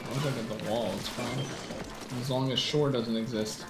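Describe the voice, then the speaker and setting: A man's voice: medium pitch, fairly even intonation, normal speed. Laid-back man in an echoey room. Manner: laid-back, idly chatty. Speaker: game streamer. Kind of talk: casual gaming chat. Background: game music.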